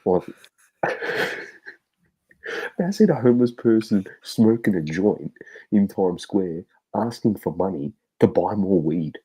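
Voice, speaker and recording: A man's voice: deep voice, animated, takes it slowly, dark tone, breathy edge, rough recording. An Australian man co-hosting a sports podcast, telling stories in a loose, sweary, laughing way. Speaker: podcast co-host. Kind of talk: casual sports podcast chat.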